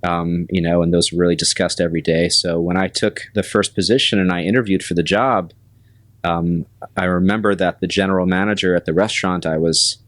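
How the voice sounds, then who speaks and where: A man, a restaurant general manager, talking through his career as a guest in a casual interview, pausing often and restarting his sentences. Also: low-pitched, steady tone, fairly bright tone, no echo. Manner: measured, halting with many fillers and restarts.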